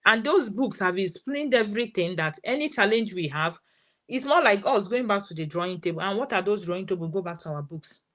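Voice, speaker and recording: A woman in her thirties with a Nigerian English accent, telling a story as a parent guest in a live session and quoting her daughter's words. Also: on the low side.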